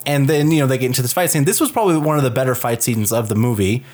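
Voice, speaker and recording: A man's voice: mid-range voice, very fast, darkish tone. A man co-hosting a casual podcast, reviewing a movie in a loose, rambling way with lots of filler words. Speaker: podcast co-host.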